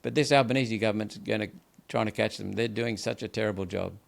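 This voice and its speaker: A man's voice: fairly low pitch, quick pace, creaky. An older Australian man speaking as a senator in an interview, ranting emphatically and often repeating words as he presses his points. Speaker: senator, guest. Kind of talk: impassioned political interview.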